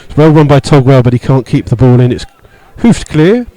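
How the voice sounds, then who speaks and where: Guy doing live footy radio commentary from the stands, warm low-key voice, lots of uhs. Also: fairly quick, rough recording. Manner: steady play-by-play with many fillers, rising in pitch when indignant. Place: stadium stand among fans.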